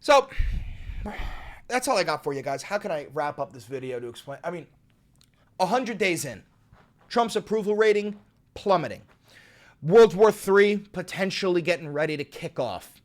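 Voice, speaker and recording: A man's voice: high-pitched, lively intonation, normal speed, long pauses. A man ranting through a sarcastic, profanity-laced political commentary as a video host.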